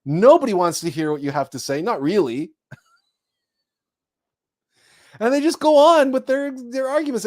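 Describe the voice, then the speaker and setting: A man with a high voice delivers a spiritual talk as host. He tells it like a story and pops into raised, excited voices for the people he imagines. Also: normal speed, pauses often.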